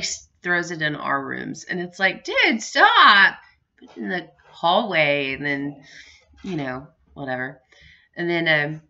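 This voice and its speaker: A woman's voice: lowish voice, sharp tone. A middle-aged woman chatting in a rambling, laughing way in a home vlog. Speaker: vlogger. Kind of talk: casual home vlog chat. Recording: muffled lo-fi home recording.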